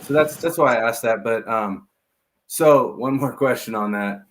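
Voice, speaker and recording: A man with a plain, slightly halting conversational manner, asking an interview guest questions. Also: mid-range voice.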